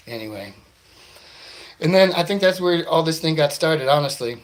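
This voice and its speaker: A male comedian from the Tampa Bay area of Florida tells a rambling comedic story. He talks in a slightly higher voice, mocks himself and swears freely. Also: animated, moderate pace. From Tampa Bay area, Florida, USA. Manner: rambling, self-deprecating, profane.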